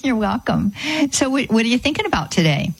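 A woman hosting a call-in radio advice show, speaking haltingly with many fillers and restarts. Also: a little high, very animated, vocal fry, breathy edge, low-quality recording.

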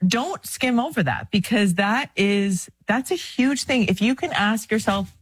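A woman's voice: mid-range voice, lively intonation, measured pace, breathy edge, no room sound. A woman in her thirties co-hosting a casual faith talk, earnest and chatty, often breaking into laughs. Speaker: podcast co-host.

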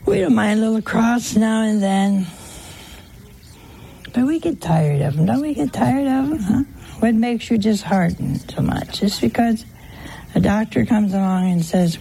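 A woman's voice: fairly high pitch, expressive, measured pace, vocal fry, pauses often, warm tone, a little hiss or hum. A woman giving a conversational sermon in a folksy way, teasing her listeners with rhetorical questions. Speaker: religious teacher.

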